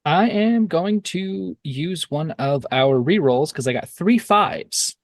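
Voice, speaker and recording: A man's voice: on the high side, lively intonation, takes it slowly, no room sound. A man playing a tabletop game, talking plainly about his moves. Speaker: player.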